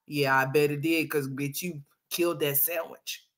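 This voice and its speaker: A woman's voice: sits low, steady tone, normal speed, very noisy. Brash, foul-mouthed woman commentator. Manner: brash, profane, loud laughing rants. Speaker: commentary host. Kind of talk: reaction commentary.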